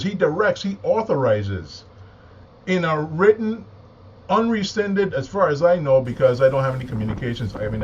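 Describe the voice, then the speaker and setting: A political commentator at home, a small AM radio nearby, delivers an impassioned monologue in an agitated, emphatic voice that's a little mellow. He repeats words and takes deep breaths, captured on a slightly dull lo-fi recording with faint noise.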